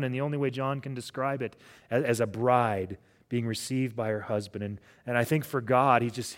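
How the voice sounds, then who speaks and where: Middle-aged man preaching a casual sermon. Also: mid-range voice. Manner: casual storytelling with frequent restarts. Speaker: pastor. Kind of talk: conversational sermon.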